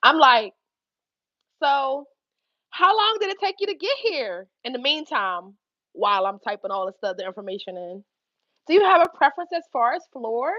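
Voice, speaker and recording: Animated high-voiced woman telling a story. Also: normal speed, dry recording, muffled recording. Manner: animated, profane, laughs often, acts out quotes. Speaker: livestream host telling a story. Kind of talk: casual storytelling.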